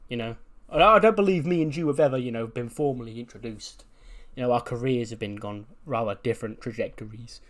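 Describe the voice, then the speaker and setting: A polite, friendly English wrestler greets an old colleague, as a man puts him on. His English-accented talk is chatty and slightly halting, sitting at a middle pitch. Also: a bit bright, lightly acted.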